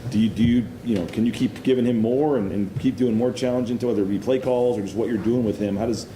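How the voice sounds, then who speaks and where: Fast-talking male reporter in an echoey room. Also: mid-range voice, steady tone, warm tone. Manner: rambling, hedging questions. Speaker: sports reporter. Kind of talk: press conference questions. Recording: echoey room with background noise.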